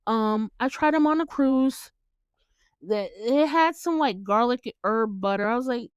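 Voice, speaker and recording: A woman chatting through a movie recap in a smooth, clear voice. She is casual and quick to laugh, and she swears freely. The sound is dry and close, with no room around it. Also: fairly high pitch, no room sound. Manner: chatty, laughs often, acts out the characters' lines. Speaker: podcast host recapping a movie. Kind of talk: casual chat.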